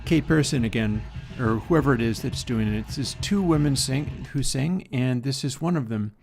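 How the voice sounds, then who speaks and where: A man's voice: medium pitch, moderate pace, a little mellow. A man streaming casual commentary while music plays, enthusiastic with rambling asides. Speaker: streamer discussing music mixing. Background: music playing.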